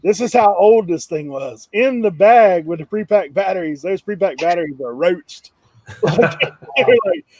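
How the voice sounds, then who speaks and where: A man's voice: high voice, expressive, normal speed, darkish tone, dry recording, poor audio. A man chatting casually, telling stories and laughing often. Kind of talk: casual chat.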